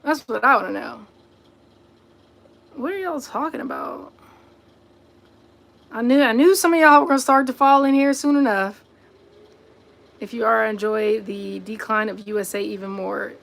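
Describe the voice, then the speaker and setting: A woman hosts a casual livestream, answering viewer comments and sassily scolding rude commenters directly, calling people "y'all" and "buddy." Her voice is a little high and creaky, at a moderate pace with long pauses.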